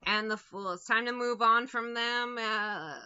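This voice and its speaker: Bright-voiced, profane woman tarot reader. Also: a little high, a little slow, smooth, dull audio. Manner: profane, blunt and mocking. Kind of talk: casual spoken tarot reading.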